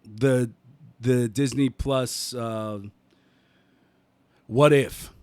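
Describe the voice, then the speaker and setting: A man's voice: medium pitch, steady tone, drawn-out words, darkish tone, clean tone, no room sound, clean studio sound. A man co-hosting a casual podcast chat, talking emphatically, restarting his phrases, and laughing often. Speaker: podcast co-host.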